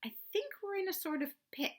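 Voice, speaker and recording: A woman voicing a small, timid male piglet with a squeaky, high voice. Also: big pitch swings, fairly quick. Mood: nervous.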